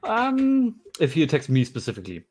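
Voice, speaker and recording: A man in a tabletop game speaks at a middle pitch, halting and filling his pauses with ums and wells. He sounds casual and unhurried. The audio comes through a video call. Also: animated. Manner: halting, with frequent fillers. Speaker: player.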